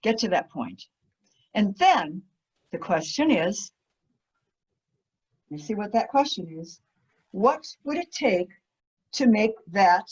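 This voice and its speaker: Woman, guest speaker, husky voice, lively pitch, muffled lo-fi sound. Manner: animated, laughs often, many fillers. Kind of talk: enthusiastic storytelling talk. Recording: muffled lo-fi audio.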